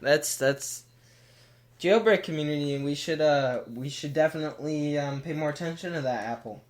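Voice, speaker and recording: A man's voice: a little high, normal speed. A man co-hosting a casual tech podcast, rambling and thinking aloud with lots of "like"s. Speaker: podcast co-host.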